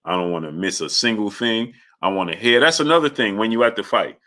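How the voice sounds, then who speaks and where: A man hosting a casual sports live stream, telling loose stories and shouting out viewers in the chat by name. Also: on the low side, expressive, brisk. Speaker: livestream sports show host.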